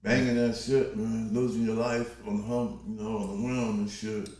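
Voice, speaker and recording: A man's voice: fairly low pitch, moderate pace. Profane older man telling street stories. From Compton, Los Angeles. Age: 60s. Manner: profane, animated storyteller, laughs often. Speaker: podcast guest. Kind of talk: casual storytelling. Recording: roomy echo.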